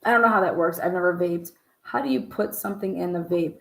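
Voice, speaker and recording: A woman's voice: fairly low pitch, fairly even intonation, fast, a bit bright, roomy sound. A woman host giving mocking, profane reaction commentary, swearing and laughing in disbelief. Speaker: podcast host reacting to a clip.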